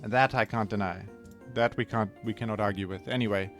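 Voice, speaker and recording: A man's voice: fairly low pitch, fairly even intonation, a little fast, faint music behind. Chatty man rambling over gameplay. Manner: rambling, chatty, self-correcting. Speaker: gaming video creator. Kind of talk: casual gameplay commentary.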